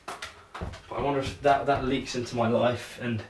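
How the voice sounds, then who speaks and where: A young man talks to himself while he practises juggling, rambling and poking fun at himself in a mid-range voice. He sits back from the microphone in an echoey room, with a steady hiss of background noise. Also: medium pitch, moderate pace. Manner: rambling, self-mocking, thinks out loud. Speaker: vlogger. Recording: echoey room, mic at a distance, noisy.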